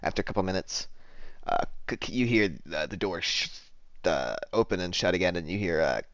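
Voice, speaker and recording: Guy running a tabletop game, lots of uh, lively low voice, dull dry sound. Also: brisk, no echo. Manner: rambling, lots of uh and um. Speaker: game master.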